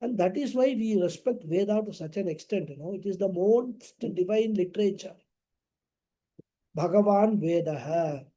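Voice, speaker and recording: A man teaching a scripture class, explaining slowly and chanting Sanskrit verses. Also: sits high, mellow. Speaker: spiritual teacher. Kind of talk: scripture lecture.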